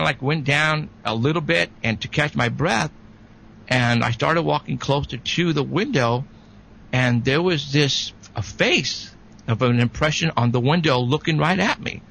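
A man, a paranormal investigator, telling an excited, halting story as a guest in an interview. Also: medium pitch, creaky, a little hiss or hum, low-quality recording.

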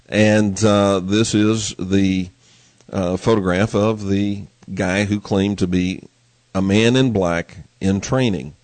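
A man hosting a call-in radio show, talking in an unhurried way with many fillers and restarts. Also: lowish voice, dry recording.

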